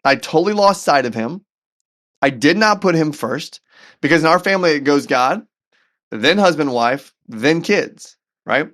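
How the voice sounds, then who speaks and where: A man as a podcast guest telling a personal story in an animated, earnest way, often repeating words as he goes. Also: fairly high pitch, normal speed. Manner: faith-centered, earnest. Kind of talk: storytelling in conversation.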